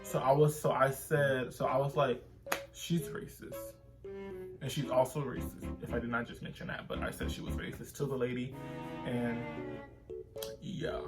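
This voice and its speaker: A man casually telling a personal story to the camera, animated and rambling with frequent restarts. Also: medium pitch, normal speed, over music. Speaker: vlogger.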